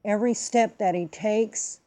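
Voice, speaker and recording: Speaking a little slowly in a warm, medium-pitched voice, this vlog host mixes storytelling with a political rant. Her talk is casual, emphatic, full of slang and swearing.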